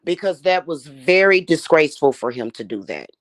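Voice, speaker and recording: A woman's voice: low-pitched, very animated, normal speed, no room sound. A woman, talking casually to her viewers, emphatic and emotional, often repeating words as she builds up steam. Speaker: spiritual channel host.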